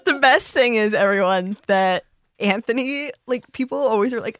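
A woman's voice: a little high, moderate pace, no room sound. A woman hosting a podcast in casual chat, telling stories animatedly and laughing often. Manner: giggly, animated storyteller. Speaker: podcast host.

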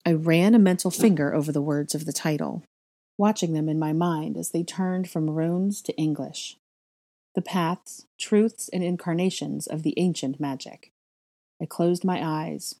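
A woman narrates a first-person story in a measured, quiet manner. Her voice sits low, with a husky, dark tone. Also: fairly even intonation. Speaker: reader of a fan fiction story.

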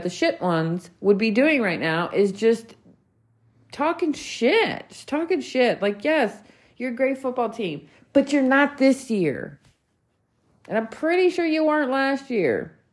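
A woman's voice: a little high, very animated, normal speed. A woman, hosting a solo podcast rant, blunt, heated and full of swearing. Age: 40s. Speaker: podcast host.

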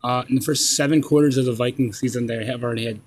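Young male co-host, easygoing, mid-pitched voice, stat-heavy casual chat. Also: steady tone, fast. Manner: laid-back, rattles off stats. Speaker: podcast co-host. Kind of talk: casual sports podcast chat.

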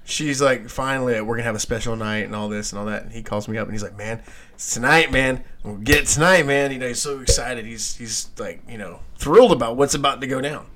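A man co-hosting a casual comedy podcast, telling a story in an animated way, laughing often and acting out the people in it. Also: mid-range voice, quick pace, hardly any pauses, slight background noise. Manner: animated, laughs often, acts out voices in his stories. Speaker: podcast co-host.

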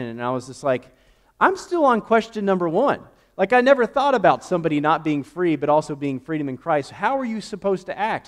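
A young man preaching a sermon in a relaxed, conversational way, telling personal stories and acting out the quotes. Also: a little high. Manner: conversational, animated storytelling with acted-out quotes. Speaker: pastor.

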